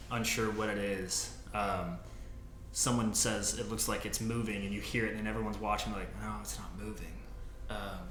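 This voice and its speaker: A man with a fairly low voice runs a tabletop game as game master, describing the scene loosely with lots of fillers. The recording carries a roomy echo and a faint background hum. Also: fairly bright tone. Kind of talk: casual tabletop game narration.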